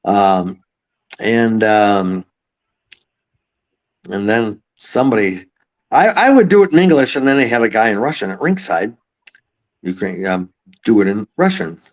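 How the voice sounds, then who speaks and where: A man's voice: lowish voice, lively intonation, unhurried, long pauses. A man from Buffalo, New York, a podcast guest, telling long rambling stories with swearing. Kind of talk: casual storytelling. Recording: slightly muffled audio.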